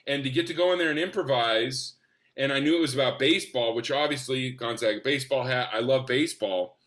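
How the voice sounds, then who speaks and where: A man from the US Northwest telling stories in a casual podcast chat, enthusiastic and animated, acting out what people said. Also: mid-range voice. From Spokane, US. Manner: enthusiastic, animated, acts out quotes. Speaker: actor guest.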